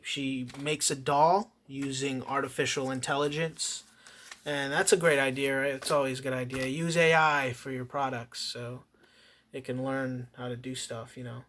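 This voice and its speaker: A man's voice: mid-range voice, little pitch movement, normal speed, pushed and bright. A man casually reviewing a movie in a rambling, profane rant full of swearing and restarts. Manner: profane, ranting, heavy swearing.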